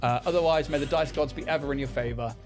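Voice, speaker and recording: A man narrating a tabletop game as game master, slow and descriptive with fillers. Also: on the high side. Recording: faint music behind.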